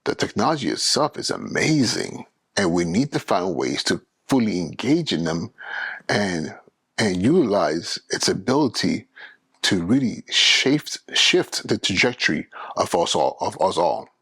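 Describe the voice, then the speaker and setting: Gravelly-voiced man hosting a podcast. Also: sits low, measured pace, dry recording. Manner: animated, restarts phrases, emphatic. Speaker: podcast host. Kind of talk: casual solo podcast monologue.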